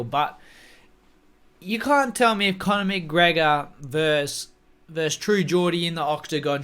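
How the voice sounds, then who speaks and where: Swearing freely, this man gives rambling, opinionated fight takes straight to camera on his MMA commentary YouTube channel. His voice is on the high side, clean and fairly bright.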